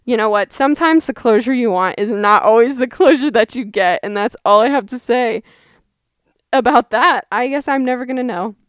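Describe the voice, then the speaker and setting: A woman's voice: on the high side, normal speed, fairly bright tone, no room sound, clean studio sound. A young woman in her twenties hosting a podcast, telling a story in a chatty, wry way and quoting people in exaggerated voices. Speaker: podcast host. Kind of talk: casual storytelling monologue.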